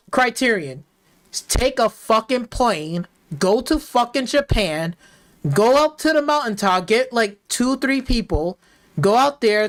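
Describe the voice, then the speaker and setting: Profane, heated game streamer ranting. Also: mid-range voice. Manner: mocks dialogue in exaggerated put-on voices.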